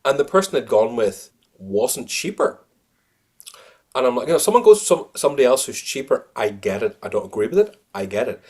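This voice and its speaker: A man being interviewed on a podcast as a sales coach. He talks in an animated way and laughs often. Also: mid-range voice, fairly quick, slightly rough.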